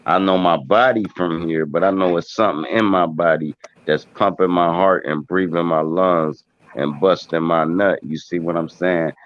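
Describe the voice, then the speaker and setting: A man with a very low voice talks loosely in street slang, full of fillers and restarts. The audio is dull and lo-fi, like a home stream. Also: steady tone, normal speed, dry recording. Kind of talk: casual group chat.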